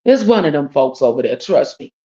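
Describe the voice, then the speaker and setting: A woman's voice: a bass voice, sing-song, brisk, warm tone. A woman tells a casual story on a livestream from home. She is blunt and profane, uses slang and keeps calling out to her viewers. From Detroit, USA. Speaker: livestream host. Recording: dull lo-fi stream audio.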